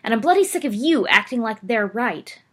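Woman reader as a furious young schoolboy, fierce and clipped, slightly husky. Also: on the high side, sing-song, moderate pace, a bit bright, pitched above the performer's own voice. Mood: angry. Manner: fierce, through clenched teeth. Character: angry, fiery schoolboy, eleven years old.

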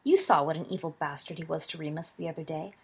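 A woman voicing a brash, hot-tempered teenage schoolboy wizard, heated and hissing, in a husky voice. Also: deep voice, quick pace, exaggerated voice.

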